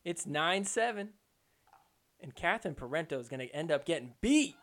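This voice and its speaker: Man, podcast host, excitable joking recap of match footage, slightly high voice. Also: moderate pace. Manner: excitable, joking, mimics players in quotes. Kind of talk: sports recap commentary.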